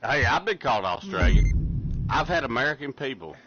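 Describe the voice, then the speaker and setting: A man's voice: mid-range voice, big pitch swings, normal speed, a crowd in the background. A man hosting a casual gaming session, teasing his friends in a laid-back way and laughing easily. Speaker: channel host and gamer. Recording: lo-fi voice chat with noise.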